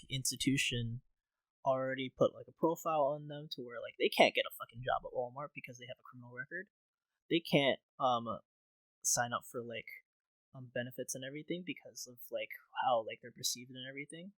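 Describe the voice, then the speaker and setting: A man's voice: medium pitch, brisk, fairly bright tone, dry recording, poor audio. Casual young-sounding man, dry mic. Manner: casual, heavy use of "like" fillers. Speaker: podcast co-host. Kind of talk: casual podcast discussion.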